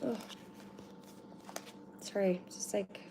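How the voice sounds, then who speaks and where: A woman giving a casual livestream card reading at home, chatty and rambling, with lots of filler words and casual swearing. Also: slow pace. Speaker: card reader. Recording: noisy with card shuffling and clicks. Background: shuffling cards and clicks.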